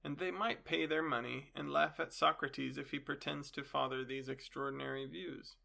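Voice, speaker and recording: A man's voice: mid-range voice, fairly even intonation, normal speed, vocal fry, pushed and bright. A man voicing an elderly male philosopher on trial, questioning his accuser with dry irony. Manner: questioning, dryly ironic.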